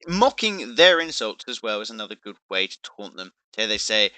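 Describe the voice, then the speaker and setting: A man's voice: on the low side, fairly quick, few pauses, bright, forceful tone, clear, resonant tone, dry recording, low-quality recording. A man explaining a game tactic in casual chat, chatty and playful, with restarts. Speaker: gaming video creator.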